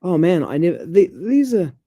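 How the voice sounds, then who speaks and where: A man's voice: high voice, very animated, moderate pace, mellow, slightly rough, no room sound. A man co-hosting a study show, chatting about word stress, reading explanations aloud and reacting with surprise. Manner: curious, exclaims in surprise, reads explanations aloud. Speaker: co-host of a scripture study show. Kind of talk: casual chat about pronunciation.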